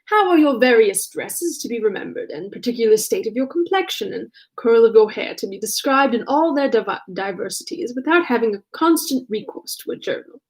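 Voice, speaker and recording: A woman reading aloud and voicing a witty, teasing young gentleman with mock-formal manners. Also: a little high, animated, a little fast, hardly any pauses, natural voice. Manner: mock-formal, then simpering when he affects a pose.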